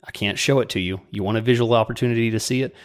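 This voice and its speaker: A man's voice: medium pitch, fairly even intonation, very fast, clean tone. A man co-hosting a podcast in casual chat, chatty and joking with sarcastic asides. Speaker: podcast co-host.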